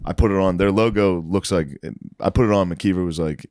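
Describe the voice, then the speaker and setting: A man in casual podcast banter, excitable and profane, laughing often. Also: sits low, a little fast. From Florida. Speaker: podcast host.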